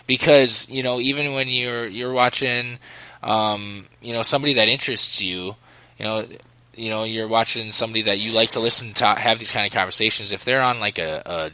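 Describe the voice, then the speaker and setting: A man's voice: lowish voice, fairly quick, sharp tone, no echo, rough recording. A man hosting a podcast, chatting casually and emphatically, leaning often on "you know". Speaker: podcast host.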